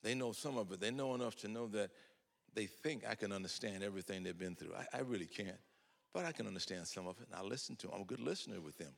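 A man's voice: fairly low pitch, quick pace, creaky, long reverb tail. An older man telling folksy, humorous family stories in a sermon, acting out the dialogue. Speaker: preacher. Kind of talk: storytelling sermon.

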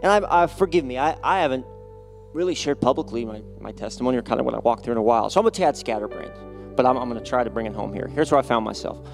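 A man's voice: medium pitch, animated, fast, creaky, soft background music. A man sharing his testimony at a church service, speaking with passion and raising his voice to urge the congregation.

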